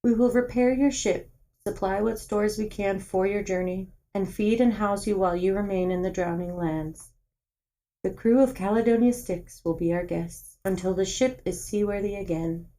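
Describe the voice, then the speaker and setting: A woman's voice: medium pitch, normal speed, mellow, lightly acted, rough recording. A woman voicing a stern, commanding island queen in a read-aloud book.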